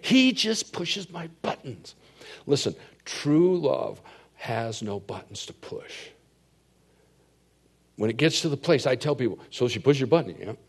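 A middle-aged man preaching a sermon with a mid-range voice. He tells stories in an animated way. He drops to quiet asides and then rises to loud, emphatic declarations. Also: medium pitch, a little slow, pauses often. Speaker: pastor.

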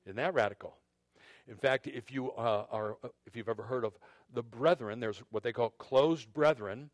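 A man's voice: medium pitch, normal speed. A man preaching a conversational sermon, often repeating words and restarting sentences as he addresses the men and the women in turn. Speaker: pastor.

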